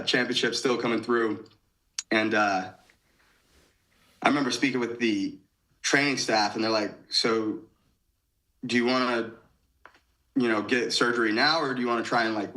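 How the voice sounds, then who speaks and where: A man's voice: medium pitch, bright, forceful tone, poor audio. A man in his thirties from Michigan, a podcast guest casually retelling events and often quoting his own thoughts. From Michigan, USA. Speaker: podcast guest, former gymnast. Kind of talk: casual storytelling.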